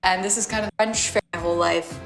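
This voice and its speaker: A woman's voice: mid-range voice, fairly even intonation, fast talker, creaky. A young woman chatting playfully through a tour of her home at night, giggling often. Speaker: singer giving a home tour. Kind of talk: casual video tour. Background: music.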